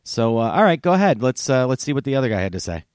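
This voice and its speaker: A man hosting a comedy podcast, animated and laughing, with casual swearing. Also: mid-range voice, fast talker, clear, resonant tone, dry recording, clean studio sound. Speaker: podcast host.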